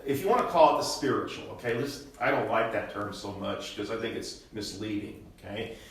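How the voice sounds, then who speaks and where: Speaking low, brisk, and animated, an older pastor teaches a Bible study class in a church classroom. Rhetorical questions drive his lesson, and "okay?" ends many of his sentences. The room echoes and the mic sits far away.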